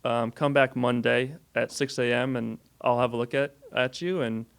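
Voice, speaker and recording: A man's voice: mid-range voice, steady tone, moderate pace, vocal fry, clear, resonant tone. A young man telling a story casually as a podcast guest, rambling with lots of "like". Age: young adult. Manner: rambling, says "like" a lot, laughs through his story.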